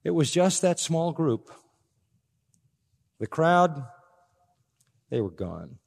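A man preaching a sermon as pastor, emphatic, swinging between loud bursts and hushed, quiet phrases. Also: on the high side. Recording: long hall reverb.

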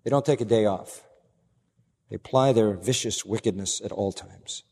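Emphatic preacher in a reverberant hall. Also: male voice, moderate pace, mellow, slightly rough. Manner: emphatic, swinging from low asides to raised declarations. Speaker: pastor. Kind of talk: expository sermon.

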